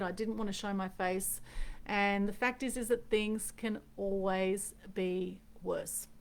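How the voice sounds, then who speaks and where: A middle-aged Australian woman hosting an unscripted live stream, talking earnestly and reflectively and repeating key phrases for emphasis. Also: medium pitch. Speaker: host. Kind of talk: unscripted Facebook Live chat.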